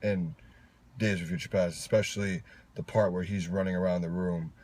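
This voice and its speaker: Deep-voiced opinionated man chatting films. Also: steady tone, normal speed, darkish tone. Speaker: co-host reviewing films. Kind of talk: casual chat. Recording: faint background noise.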